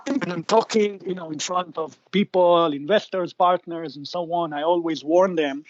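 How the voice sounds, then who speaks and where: A man's voice: high-pitched, moderate pace, muffled recording, background noise. A man guest on a podcast interview, explaining his technology patiently, often restarting and repeating words as he searches for phrasing. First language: Hebrew. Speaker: tech company founder guest.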